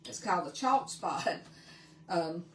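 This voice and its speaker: A woman's voice: lowish voice, lively intonation, slow, echoey room, far from the mic. A woman from Tennessee with a Southern accent, chatting casually while demonstrating a craft on a live stream and greeting viewers by name. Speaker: craft livestream host.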